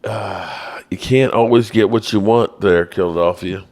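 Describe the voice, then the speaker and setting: A man hosting a casual live-stream sports show, reading the chat aloud in a playful, self-mocking way. His voice leaps high when he gets exasperated. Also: unhurried, a little mellow.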